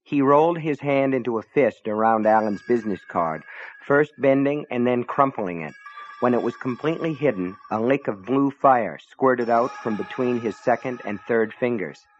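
A man's voice: mid-range voice, moderate pace, highs cut off, slight background noise. Man narrating an audiobook. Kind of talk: scripted narration.

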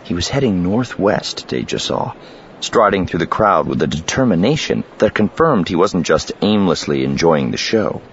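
A man reading an audiobook as the narrator, with an expressive, dramatic delivery, in a dull lo-fi recording. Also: deep voice, moderate pace, vocal fry, a little hiss or hum. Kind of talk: scripted narration.

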